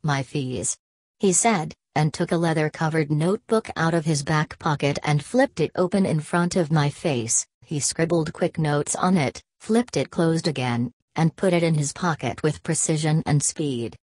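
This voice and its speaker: A woman narrating a first-person story in a steady, even audiobook reading. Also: sits low, moderate pace, few pauses, no echo.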